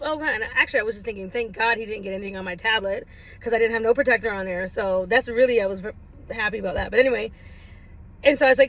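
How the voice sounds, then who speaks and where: A woman's voice: on the high side, fast talker, pushed and bright, low-quality recording. A woman vlogger telling a casual story, laughing often and acting out exaggerated exclamations.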